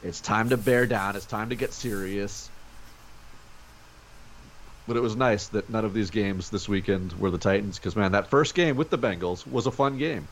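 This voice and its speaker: A man's voice: on the low side, moderate pace, slight background noise. A man co-hosting a sports podcast from home over a video call, talking energetically in casual chat. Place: home during a snow day.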